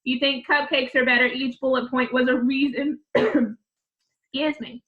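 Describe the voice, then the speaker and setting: A woman's voice: high voice, flat delivery, fairly quick, narrow, tinny audio. A woman teacher giving remote class instructions to children, patiently repeating each step.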